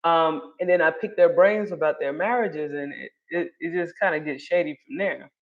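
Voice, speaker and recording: The sound is phone-quality, and this thirtysomething woman speaks in a deep voice at normal speed. She's a vlogger reacting to a clip, talking casually with lots of filler words and laughing often.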